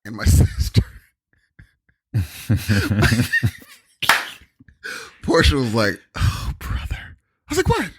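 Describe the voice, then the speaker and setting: A man's voice: medium pitch, huge pitch swings, drawn-out words, long pauses, slightly rough. A young man co-hosting a podcast, telling rambling stories in casual chat with lots of fillers and quoted dialogue. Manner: rambling anecdotes with many fillers and quoted voices. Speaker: podcast co-host.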